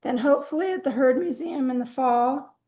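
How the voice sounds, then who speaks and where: Brisk and mellow, this high female voice belongs to an event host running an online talk on a video call. Her announcing is friendly, informal and scattered, and her voice is giving out.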